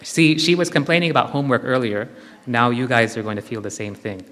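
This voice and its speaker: A man gives a spiritual teaching to a live group, speaking in an ordinary mid-range voice. He instructs gently and circles back to repeat his key phrases. The sound carries the long reverb of a large hall. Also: mid-range voice, fairly even intonation, fairly quick.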